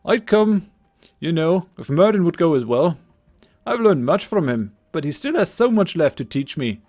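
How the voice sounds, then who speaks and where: A man's voice: a little high, sing-song, normal speed, a little mellow, voice pushed up. A man voicing a young male apprentice with an overdone put-on Scottish accent, talking anxiously and earnestly.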